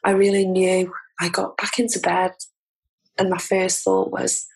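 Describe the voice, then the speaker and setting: An Englishwoman appears as a podcast guest, a transformation coach sharing a personal story candidly and from the heart, laughing between lines. Her lowish voice is husky with vocal fry, delivered completely flat at a measured pace, and the recording is rough.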